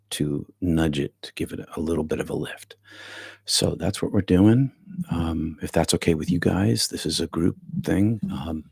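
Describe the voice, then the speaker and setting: A man's voice: deep voice, creaky, darkish tone, slightly rough, dry recording. A male meditation teacher leading an online breathwork session over a video call, rambling and correcting himself as he goes.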